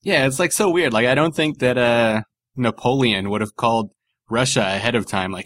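A man's voice: mid-range voice, animated, a little fast, fairly bright tone. A man co-hosting a comedy podcast in casual chat, rambling and swearing with lots of fillers and jokes. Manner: rambling, profane, jokey, many fillers. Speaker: podcast co-host.

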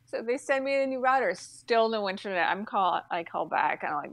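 A woman's voice: mid-range voice, animated, normal speed, creaky. A woman telling a comedic rant in a casual, exasperated way, swearing often and laughing between sentences. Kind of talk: comedic ranting storytelling.

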